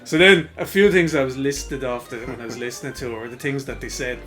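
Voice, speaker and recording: A man's voice: mid-range voice, fairly quick, a bit bright, faint music behind. An Irish man co-hosting a casual podcast, telling rambling anecdotes full of fillers and swearing. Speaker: podcast co-host. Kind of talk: casual chat, storytelling.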